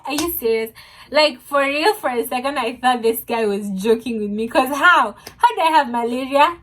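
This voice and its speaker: A young woman telling a funny story, animated, laughing often and mixing in Swahili words. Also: high-pitched, normal speed. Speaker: vlogger. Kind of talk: casual storytime.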